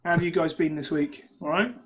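High-voiced man laughing through podcast banter. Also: fairly quick, husky. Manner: laughing, teasing, relaxed. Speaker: podcast co-host. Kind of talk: casual banter.

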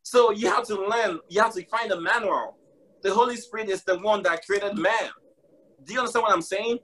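A man's voice: high-pitched, fairly quick, bright, forceful tone. A man preaching with passion on a live broadcast, repeating his key phrases and calling out to listeners with "y'all.".

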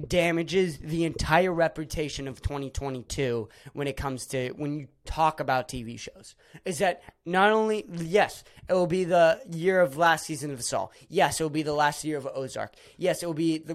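A man hosting a podcast, ranting angrily with heavy swearing, shouting at times and then sinking into low, bitter grumbling. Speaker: podcast host. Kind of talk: angry podcast rant.

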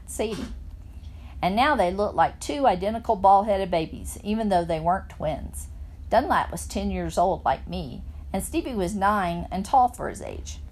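A woman reading a children's novel aloud in a plain, steady narrating voice. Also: mid-range voice. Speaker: reader.

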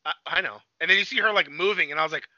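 A man's voice: fairly high pitch, racing, no room sound. A man co-hosting a movie review podcast, rambling through the plot in casual chat with lots of "like". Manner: rambling plot retelling full of "like", with animated quoted voices. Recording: slightly dull lo-fi, dry.

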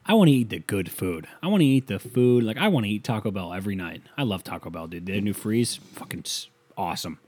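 Profane ranting man, lowish voice. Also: animated, fast talker, few pauses, darkish tone. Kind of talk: comedic rant monologue.

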